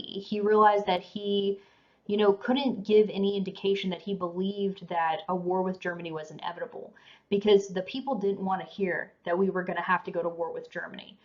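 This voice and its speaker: A woman giving a history lecture in a casual, conversational way, tired and yawning now and then. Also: mid-range voice. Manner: casual, conversational, says you know and um. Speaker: teacher. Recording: dull lo-fi recording.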